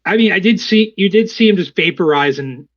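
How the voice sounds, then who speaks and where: A man's voice: high voice, expressive, brisk. A man playing in a tabletop game, chatty and rambling, often interrupting himself. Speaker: player. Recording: dry, dull lo-fi sound.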